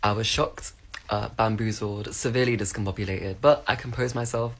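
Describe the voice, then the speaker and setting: A woman's voice: very deep voice, steady tone, brisk. A British woman telling an anecdote to camera in a wry, exasperated way with playful word choice. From United Kingdom. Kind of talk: casual storytelling to camera.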